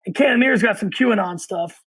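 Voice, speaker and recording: A man's voice: high-pitched, normal speed, fairly bright tone, slightly rough, poor audio. A man co-hosting a casual sports podcast, giving opinions and moving the segments along. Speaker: podcast co-host.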